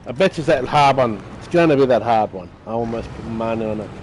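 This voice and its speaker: A man chats his way through a driving game, teasing his viewers by name in a relaxed, joking way. His voice sits at an ordinary middle pitch. A faint hiss runs under the recording. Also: fast, poor audio. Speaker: gaming streamer. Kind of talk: casual gameplay commentary.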